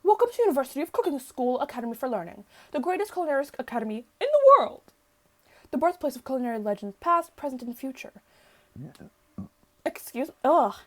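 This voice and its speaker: A woman's voice: sits high, lively intonation, a little fast, a bit bright. A woman voicing a pompous male dog professor who gives grand speeches and scolds latecomers. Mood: rousing. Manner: rousing speech-giving, stern scolding.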